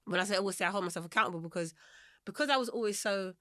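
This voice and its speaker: A woman's voice: medium pitch, racing, a bit bright, dry recording, clean studio sound. A singer-songwriter woman from South London with a London accent, talking candidly and directly in a podcast interview, laughing often and acting out the voices of people she quotes.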